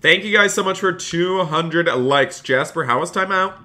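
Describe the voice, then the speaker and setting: Man, bright forceful voice, live-stream gameplay chatter, upbeat, thanks viewers, police role-play. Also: a little high, moderate pace. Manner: slips into a polite officer role with players.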